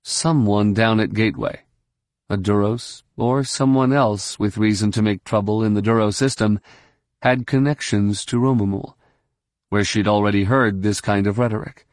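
A man reading a novel aloud in steady scripted narration. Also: on the low side, moderate pace, dry recording, clean studio sound. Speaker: audiobook narrator.

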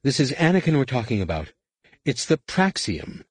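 A man voicing a fierce, blunt young woman Jedi who speaks in a sharp, cutting way. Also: mid-range voice, very animated, moderate pace, husky, no room sound, pitched above the performer's own voice. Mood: angry.

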